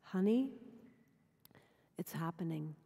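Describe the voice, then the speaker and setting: A woman voicing a dying man who speaks calmly and gently, in a hushed, near-whispered voice. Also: mid-range voice, normal speed, lightly acted. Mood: tender. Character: dying middle-aged man, gentle and calm. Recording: long cathedral reverb.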